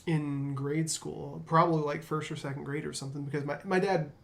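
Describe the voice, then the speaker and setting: A man's voice: fairly high pitch, steady tone, fairly quick, creaky, a bit bright. A man hosting a casual discussion, reflective and storytelling, with frequent fillers. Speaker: podcast host.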